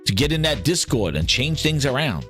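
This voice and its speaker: A man's voice: medium pitch, very animated, normal speed, a bit bright, soft background music. A man hosting a gaming podcast, ranting in a heated, profane and sarcastic way. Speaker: podcast host.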